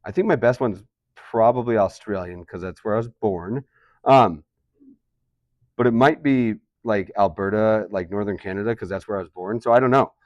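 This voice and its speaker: A man's voice: fairly low pitch, moderate pace, darkish tone, no echo, lo-fi sound. A man teaching a math class, chatty and full of questions to his students. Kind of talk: classroom lesson.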